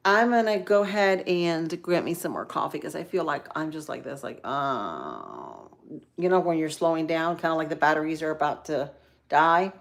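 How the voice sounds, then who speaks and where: A woman's voice: low voice, steady tone, fairly quick. A tired middle-aged woman chatting casually with live viewers while she cooks, folksy, full of ums and y'alls. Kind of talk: casual live-stream chat while cooking.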